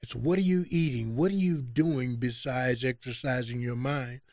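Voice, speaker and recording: A man's voice: mid-range voice, normal speed, a little mellow, dry recording, clean studio sound. A man, a podcast guest, talking conversationally and acting out quoted exchanges in a raised voice. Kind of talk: conversational storytelling.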